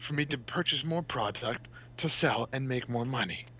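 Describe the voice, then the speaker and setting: A man's voice: mid-range voice, moderate pace, fairly bright tone, a little hiss or hum, pitched below the performer's own voice, close to an everyday voice, low-quality recording. A man voicing an arrogant male German doctor with a German accent, pompous and dismissive.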